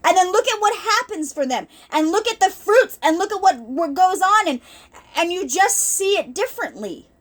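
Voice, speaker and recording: A woman's voice: very high-pitched, lively intonation, moderate pace, a bit bright. A woman hosting an unscripted ministry video, giving an earnest, rambling spiritual testimony with many restarts and asides, emotional at times.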